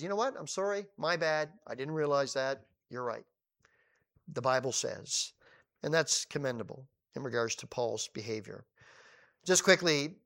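Preacher retelling scripture with emphatic repetition. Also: medium pitch. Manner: retells scripture scenes in lively, acted-out paraphrase. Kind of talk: conversational Bible teaching.

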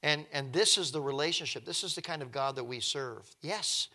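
Bright-voiced man teaching scripture. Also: on the high side, normal speed. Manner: wry, joking asides between scripture readings. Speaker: preacher. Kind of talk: conversational Bible teaching.

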